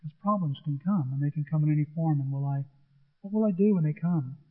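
A man's voice: on the high side, quick pace. A middle-aged man preaching a sermon, earnest and emphatic, often repeating his point. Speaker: pastor. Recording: tinny phone-like sound.

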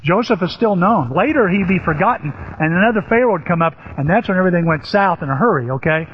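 A man preaching a sermon with a Southern Illinois accent, animated, acting out biblical speakers in a raised voice. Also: sits high, fast, lo-fi sound, slight background noise. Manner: animated, acts out Joseph's lines in a raised voice. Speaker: pastor. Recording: poor-quality recording in a big reverberant hall.

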